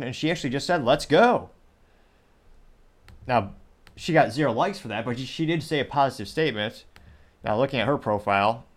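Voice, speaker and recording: A man hosting a commentary show, reading social media replies aloud in a dry, mocking way. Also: mid-range voice. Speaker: show host.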